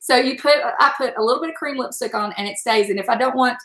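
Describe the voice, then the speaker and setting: This middle-aged woman with a drawl chats on a live stream, reading comments aloud, laughing often and getting emotional. Her voice sits a little high, and the room around her sounds echoey. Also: quick pace, a bit bright. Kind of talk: casual live-stream chat.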